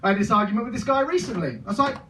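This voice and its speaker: A young man with a Birmingham accent doing a deadpan, self-deprecating stand-up set in a comedy club. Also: sits high, rapid-fire, slight background noise. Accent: Birmingham English. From England. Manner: deadpan self-deprecating, many filler ums. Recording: roomy club sound from a distance.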